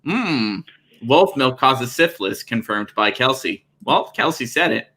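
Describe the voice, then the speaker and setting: A man's voice: medium pitch, lively intonation, measured pace, sharp tone, a little hiss or hum. A man hosting a casual livestream chat, joking and teasing his guests. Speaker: show host.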